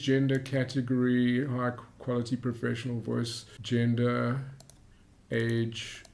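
A man hosting a screen-recorded software tutorial, explaining in a relaxed way with frequent fillers. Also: mid-range voice. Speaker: YouTube tutorial host.

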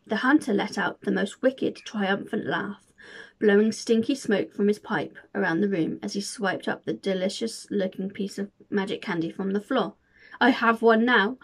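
A woman reading a children's storybook aloud with expressive, dramatic storytelling. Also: mid-range voice. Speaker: volunteer reader.

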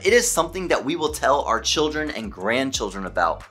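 A man who is a hockey fan vlogger, giving an excited solo game recap, emphatic and stumbling over his words when worked up. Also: mid-range voice, fairly quick, soft background music.

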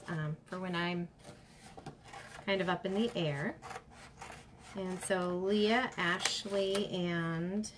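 A woman's voice: fairly low pitch, noisy background. A woman hosting a casual craft demonstration, chatting and greeting viewers by name as she works. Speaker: craft livestream host.

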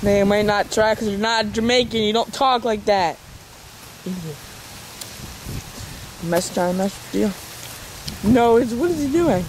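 A young man giving excited, laughing casual commentary on an amateur wrestling match, exclaiming and counting pins. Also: high-pitched, a little slow, long pauses. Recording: noisy amateur outdoor recording.

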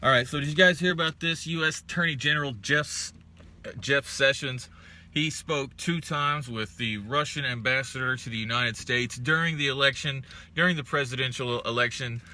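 Young man, casual vlogger, bright edgy voice, profane exasperated rants. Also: mid-range voice, normal speed. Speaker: vlogger reading live chat. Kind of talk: ranting casual smoke-break chat.

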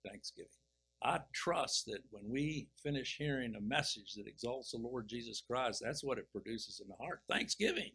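A middle-aged man preaching, reading scripture slowly and deliberately, then commenting with emphatic swells. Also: medium pitch, gravelly, fairly bright tone, slightly rough, low-quality recording. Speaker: pastor. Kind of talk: expository sermon reading and explaining scripture.

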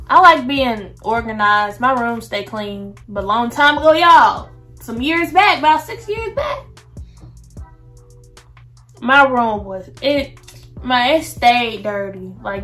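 A woman's voice: on the high side, animated, takes it slowly, pauses often, bright, forceful tone, soft background music. A young woman, chatting casually to her viewers in a get-to-know-me vlog. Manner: chatty, addresses viewers as "y'all". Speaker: vlogger.

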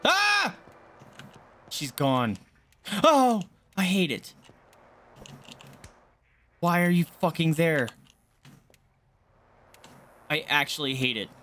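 A man's voice: on the high side, animated, slow pace, pauses often, fairly bright tone. A man streaming a horror game, muttering and swearing as he panics. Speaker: gaming streamer. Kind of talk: live gameplay reactions.

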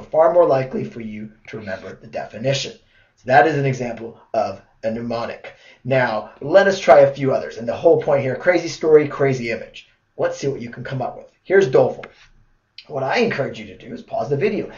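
Man, tutor, playful storytelling, mid pitch, echoey room, muffled lo-fi sound. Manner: playful storytelling, animated asides. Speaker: test prep tutor. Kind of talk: video lesson. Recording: roomy, dull lo-fi sound.

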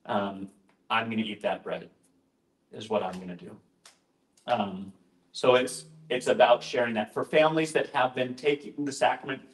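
A male pastor giving an informal, conversational talk, often interrupting himself with asides and jokes. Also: mid-range voice. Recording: roomy echoing room.

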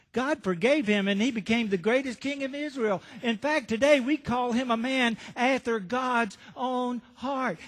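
Man preaching in a church, high-ish voice, lots of questions to the pews, long echo. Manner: storytelling, rhetorical questions to the congregation. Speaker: pastor. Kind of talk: sermon. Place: church sanctuary. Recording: reverberant church hall.

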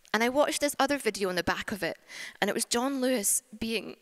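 A woman preaching a sermon at a church service, earnest and warm-hearted, moved to tears at times. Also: mid-range voice, lively intonation, brisk, dry recording. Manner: earnest, gets emotional and laughs through tears.

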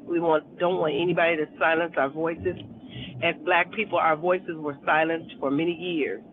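Holding her phone camera at arm's length, this livestream host talks at a normal speed in a low, steady voice, with a little hiss or hum and a tinny sound. She welcomes each viewer by name in her casual stream, laughing frequently and pushing them to go vote.

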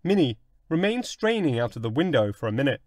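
Expressive male storyteller, close and dry. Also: medium pitch, a little fast, dry recording. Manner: expressive, dramatic reading. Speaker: audiobook narrator. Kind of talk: scripted story narration.

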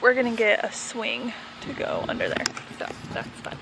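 A woman's voice: a little high, wildly swooping pitch, normal speed, creaky. A young adult woman, a vlogger and mom, chatting casually into a handheld phone camera with lots of "like" and "um". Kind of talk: casual vlog chat. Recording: loud background noise.

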